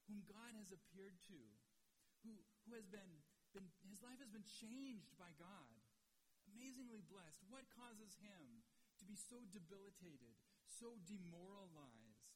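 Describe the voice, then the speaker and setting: A man with a high voice preaches to his congregation. He is emotional and moves between loud urging and near-hushed passages. His voice carries a long reverb, with a faint hiss behind it. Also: lively intonation, normal speed. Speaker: pastor. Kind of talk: sermon.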